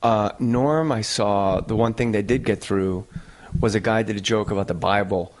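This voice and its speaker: A man hosting a talk show, chiming in with quick, chatty questions and remarks. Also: fairly low pitch.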